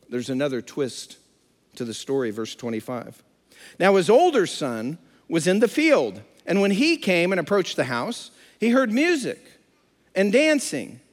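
A pastor delivers a sermon, acting out the characters in the story he's telling. His voice is very high-pitched and a bit bright, and the recording carries a long hall reverb.

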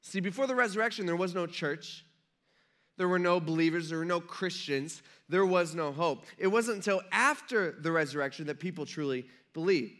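A man's voice: high-pitched, moderate pace, a bit bright. A man in his thirties preaching a casual sermon as pastor, chatty and joking as he retells the story. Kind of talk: casual sermon with humorous asides.

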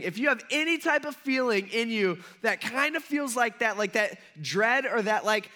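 A man preaching a sermon in a conversational way, acting out quotes with lively shifts. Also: high-pitched, moderate pace, few pauses. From United States. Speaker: pastor.

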